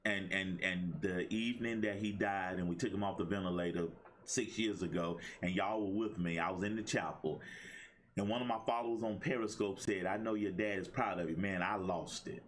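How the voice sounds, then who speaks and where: A man's voice: low-pitched, steady tone, brisk, slight background noise. A middle-aged man hosting a motivational livestream, talking in a preachy call-and-response style. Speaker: host and life coach.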